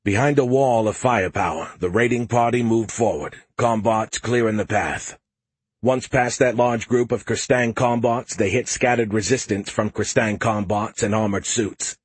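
A man narrating a science fiction audiobook in the first person at a steady, measured pace. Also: on the low side, husky, no room sound.

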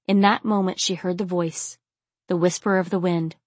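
A woman narrating a novel in a steady, intimate storytelling manner. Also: on the low side, normal speed, no room sound. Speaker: audiobook narrator. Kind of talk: scripted audiobook narration.

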